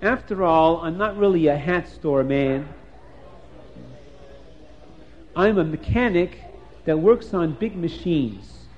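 A man's voice: a little high, expressive, measured pace, a little mellow. A man voicing a sad, out-of-work mechanic who complains glumly about his lot. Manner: glum, complaining. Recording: dull lo-fi recording.

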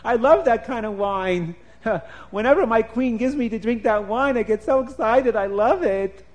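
A man storytelling for children voices a greedy, excitable king who loves wine, gleeful at first and then indignant. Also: high-pitched, a little slow.

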